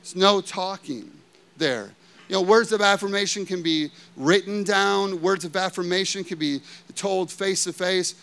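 A man in his thirties preaching a sermon in a lively, conversational way, often checking in with the congregation. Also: sits high, normal speed. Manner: animated and conversational, keeps asking the congregation "okay?". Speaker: pastor.

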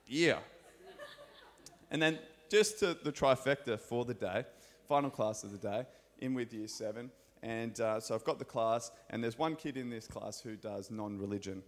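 A man's voice: mid-range voice, a little slow. A man with an Australian accent, a preacher and school scripture teacher, giving a casual, chatty sermon in a church with enthusiastic stories.

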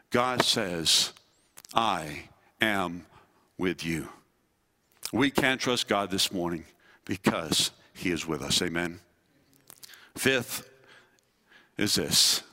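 A man, a pastor and former army chaplain, preaching a sermon with earnest delivery, slowing and dropping low on key phrases. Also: bright, forceful tone. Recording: long hall reverb.

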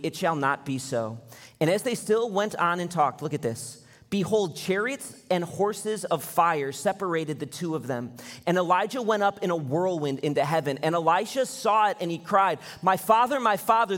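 A male pastor preaching a sermon, telling a Bible story in a casual way and briefly acting out the characters' lines. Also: a little high. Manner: storytelling, acts out quoted lines. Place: church auditorium. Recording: long hall reverb.

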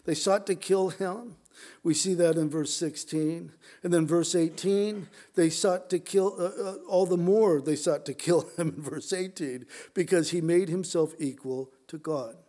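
Conversational male pastor, fairly high voice. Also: unhurried, hardly any pauses, dark tone. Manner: conversational, with many restarts and asides to the congregation. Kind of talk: sermon.

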